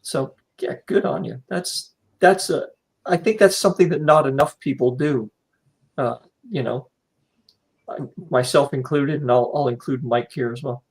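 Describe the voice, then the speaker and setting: A man's voice: mid-range voice, normal speed, gravelly, breathy edge, poor audio. An American man hosting a casual podcast interview, rambling, encouraging and joking with his guest. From United States. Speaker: podcast host.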